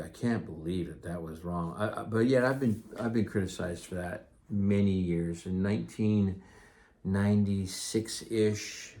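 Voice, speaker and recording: A man's voice: deep voice, mellow. A middle-aged man hosting his own podcast, talking casually and earnestly, rambling a little with restarts and asides. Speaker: podcast host. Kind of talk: casual solo talk.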